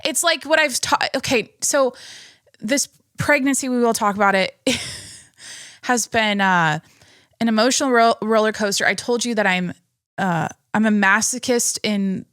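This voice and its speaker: A woman's voice: a little high, a little slow, a bit bright, clean tone, dry recording, clean studio sound. A young pregnant woman hosting her own podcast, talking in a rambling, chatty way with many restarts and small laughs. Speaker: podcast host. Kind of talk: casual solo podcast chat.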